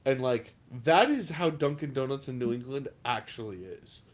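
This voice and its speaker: A man co-hosting a podcast in casual chat, mumbling loudly and joking. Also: medium pitch, lively intonation, normal speed. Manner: loud mumbling, jokey. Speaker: podcast co-host.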